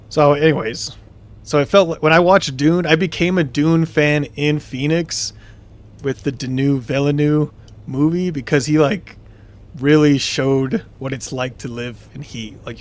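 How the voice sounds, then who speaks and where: A young man streaming a game, telling a long story in a rambling, casual way with many fillers and restarts. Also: a little high. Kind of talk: casual storytelling while gaming.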